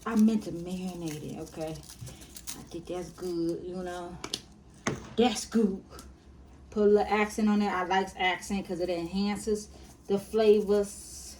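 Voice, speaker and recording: A woman's voice: lowish voice, fairly even intonation, a little slow, a little mellow, a little hiss or hum. A woman, chatting casually to her viewers as she cooks in her home kitchen and calls them y'all and baby. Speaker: cooking vlogger. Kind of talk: casual cooking tutorial.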